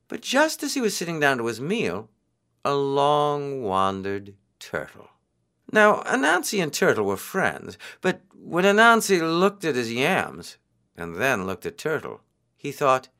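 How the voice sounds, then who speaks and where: A man reading a children's folk tale aloud in an expressive, unhurried way. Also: mid-range voice. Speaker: storyteller.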